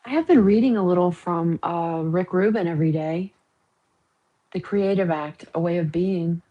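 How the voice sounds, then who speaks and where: A woman hosts a casual livestream from home, talking freely and teasing her viewers. Her voice sits a little low and has a husky, breathy edge. She jokes often and breaks into laughter. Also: normal speed, highs cut off. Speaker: livestream host. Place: at home, painting her nails.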